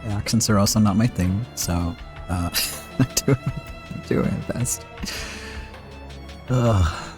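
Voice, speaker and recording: A man's voice: fairly low pitch, slow, pauses often, music in the background. A man doing casual let's-play commentary and reading a game's text, with self-deprecating, rambling asides. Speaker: game streamer.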